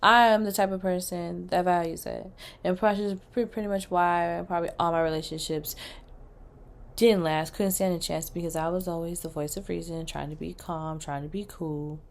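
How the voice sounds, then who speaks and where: A woman's voice: fairly low pitch, fairly even intonation, moderate pace, gravelly. Blunt, profane woman ranting to camera. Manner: blunt and profane, swinging from loud outbursts to hushed asides. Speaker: vlogger. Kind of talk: casual comedic rant.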